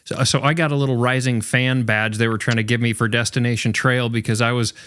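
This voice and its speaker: A man's voice: medium pitch, little pitch movement, fairly quick, a bit bright, clean tone, no echo, studio quality. A man hosting a podcast, reacting with supportive, emotional comments to his guest's story. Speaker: podcast host. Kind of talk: interview conversation.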